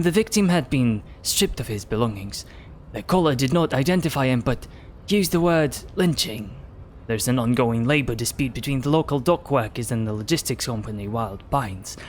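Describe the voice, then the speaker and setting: A man reading aloud as a calm, reserved male police lieutenant, giving a case briefing in a measured, dry way. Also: mid-range voice, slight background noise, natural voice. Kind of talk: reading game dialogue aloud.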